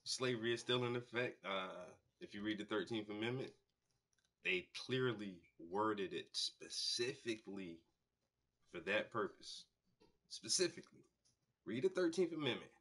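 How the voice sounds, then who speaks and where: A man hosting a painting show, telling stories in a loose, profane, animated way and acting out the people he quotes. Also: fairly low pitch, normal speed. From United States. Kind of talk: casual storytelling monologue.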